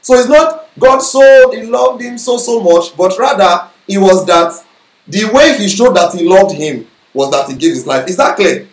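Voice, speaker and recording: Male Bible teacher, high-pitched, sermon delivery, echoey room, frequent check-ins with the audience. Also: expressive, moderate pace. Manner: explanatory, checks in with listeners often.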